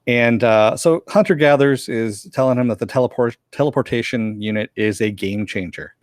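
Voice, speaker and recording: A man's voice: mid-range voice, normal speed, dry recording, studio quality. A man casually recapping a cartoon episode with a co-host, now and then acting out the characters' lines.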